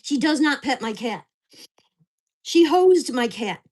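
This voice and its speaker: A woman's voice: high voice, big pitch swings, slow pace, darkish tone. An older woman venting angrily and profanely in a casual vlog rant. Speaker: vlogger.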